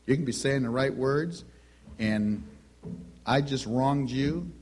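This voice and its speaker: A middle-aged man preaching a sermon, telling stories with lively delivery and acting out the voices of the people in them. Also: medium pitch, slow pace, a little hiss or hum. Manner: animated storytelling, acts out quoted voices.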